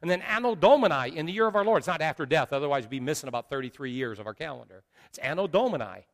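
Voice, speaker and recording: A man's voice: on the high side, sing-song, quick pace. A middle-aged man preaching a sermon as pastor, emphatic and repetitive. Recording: long reverb of a large hall.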